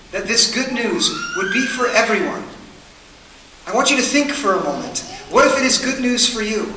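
Man, high bright voice, earnest sermon, repeated questions, roomy hall, mic set back. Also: slight background noise. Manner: earnest, questioning, builds with repetition. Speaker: pastor. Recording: echoey hall, mic at a distance.

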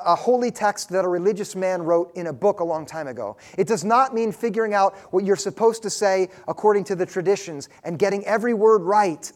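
A man preaching a sermon as pastor, speaking earnestly and directly, often asking his listeners questions. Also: high-pitched.

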